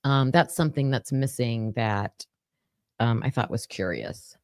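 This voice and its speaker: Casting note: woman, low voice, unhurried commentary, dry close sound. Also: darkish tone, clear, resonant tone, no room sound. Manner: thinking aloud with fillers, reading notes. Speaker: true crime commentator. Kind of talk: casual commentary livestream.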